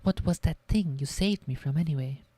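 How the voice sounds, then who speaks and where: A woman's voice: low-pitched, fairly quick, dark tone, husky, no echo. Woman reading a curious young boy.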